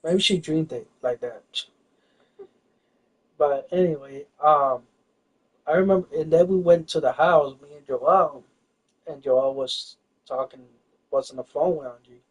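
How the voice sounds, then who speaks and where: A man's voice: a little high, unhurried, long pauses, slightly rough. A man telling a personal story in casual chat, rambling and hesitant, full of fillers and restarts. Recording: distant, dull lo-fi recording.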